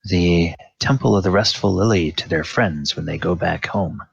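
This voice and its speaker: Low-voiced guy running a tabletop game, slow and umm-y, dull dry recording. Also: gravelly, breathy edge, no room sound. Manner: unhurried, many fillers. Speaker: game master.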